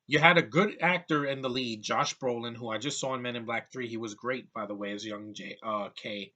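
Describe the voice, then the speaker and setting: A man's voice: medium pitch, fairly quick, bright, forceful tone, lo-fi sound. A man giving a blunt, exasperated movie review at home, swearing casually and piling on complaints.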